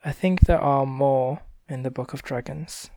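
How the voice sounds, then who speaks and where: A man reading a storybook aloud in a gentle, unhurried way, with small self-corrections. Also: mid-range voice, fairly even intonation, no echo, clean studio sound. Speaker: reader.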